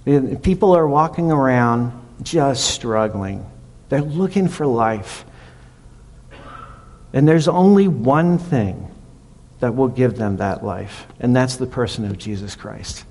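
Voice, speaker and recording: A man's voice: mid-range voice, animated, slow, a little mellow. A male pastor preaching a casual, conversational sermon, retelling a story with animation. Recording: long reverb of a hall.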